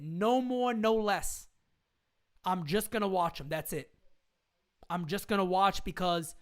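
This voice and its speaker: A woman hosts a casual livestream for sports fans, answering viewer questions as she goes. Her pitch swings widely, and she hammers her points home by repeating them in slangy, blunt phrases. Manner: slangy fan talk, occasional swearing. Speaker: live stream host. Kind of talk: casual live stream chat.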